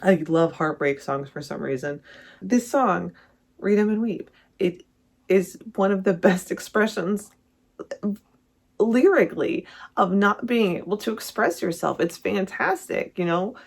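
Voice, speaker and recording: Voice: mid-range voice, a little slow, creaky. A vlogger ranking songs in casual, rambling commentary, correcting themselves often and gushing about favorites. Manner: rambling, self-correcting, enthusiastic. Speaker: music reviewer vlogger.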